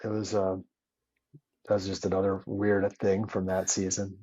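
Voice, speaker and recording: A man, a former hockey player, telling stories in a casual interview, animated and swearing freely as he acts out old quotes. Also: deep voice, normal speed, slightly rough, lo-fi sound.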